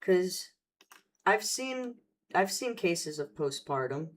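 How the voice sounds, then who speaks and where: A woman's voice: lowish voice, lively intonation, slow pace. A woman hosting casual commentary, talking in a blunt, profane and sarcastic way. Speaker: host.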